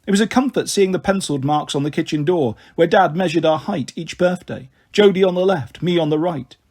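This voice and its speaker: Husky-voiced man reading a children's novel. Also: fairly high pitch, fairly quick, a little mellow. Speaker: storyteller.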